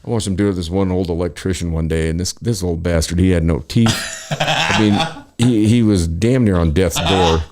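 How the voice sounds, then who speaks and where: A man's voice: low-pitched, moderate pace, over a noisy crowd. A middle-aged man telling rambling, profane stories about old work pranks in a casual chat. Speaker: podcast host. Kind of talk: casual storytelling.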